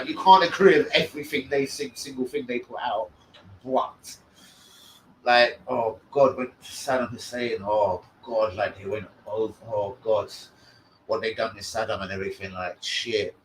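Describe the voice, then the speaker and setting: A man's voice: medium pitch, low-quality recording. A man hosting a live stream, trash-talking in a brash, profane way. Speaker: host of a fan channel. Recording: faint background noise.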